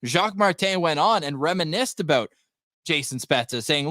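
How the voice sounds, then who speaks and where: A Canadian man hosting a live hockey stream, with a slightly high voice. He is playful and animated, and the sound is dry and close. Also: moderate pace, no echo. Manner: lively, playful, addresses the chat. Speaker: podcast host. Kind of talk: casual sports talk livestream.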